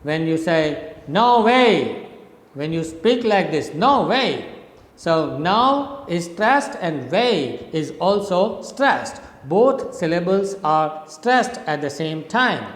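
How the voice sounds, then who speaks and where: A man from India, a professor of English literature, explaining poetic meter slowly and deliberately, repeating his examples. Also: fairly high pitch, sing-song. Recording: echoey room with long reverb.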